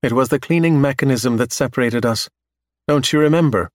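A man's voice: medium pitch, a little fast, no room sound, lightly acted. A man voicing a trapped male scientist speaking urgently from a lump of scrap metal, in a dry recording. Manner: urgent, pleading.

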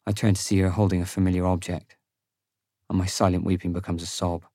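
A man narrating a fantasy audiobook in the first person, with a measured, sombre reading on a close studio mic. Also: deep voice, level tone, warm tone, no room sound.

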